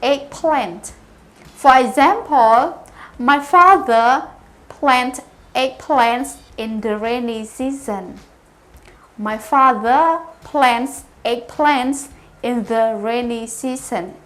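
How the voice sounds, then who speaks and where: A woman's voice: on the high side, drawn-out words, fairly bright tone. A young woman teaching a beginner English vocabulary lesson, repeating each word and spelling it out letter by letter. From Cambodia. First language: Khmer.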